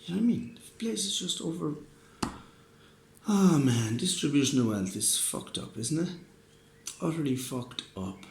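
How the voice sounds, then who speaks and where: Gravelly man rambling tipsy. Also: fairly high pitch, big pitch swings, normal speed, long pauses, a little mellow. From Ireland. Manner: profane, rambling, earnest, with frequent laughs and restarts. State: drunk. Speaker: podcast host. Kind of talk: rambling casual monologue. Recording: roomy echo, faint background noise.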